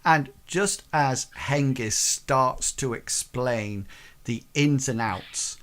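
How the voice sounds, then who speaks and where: A man's voice: mid-range voice, very slow, a bit bright, slight background noise. A man narrating a tabletop game as game master, rambling with many fillers.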